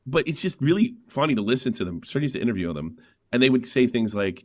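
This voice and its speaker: A man hosting a live stream, rambling and animated as he tells a story. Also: medium pitch, fast talker. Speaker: stream host. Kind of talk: casual live-stream talk.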